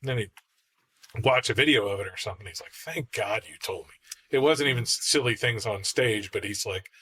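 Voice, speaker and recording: Guy hosting a podcast, bright kinda husky voice, acts out quotes when he tells a story. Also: on the low side, quick pace. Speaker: podcast host. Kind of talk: casual panel chat.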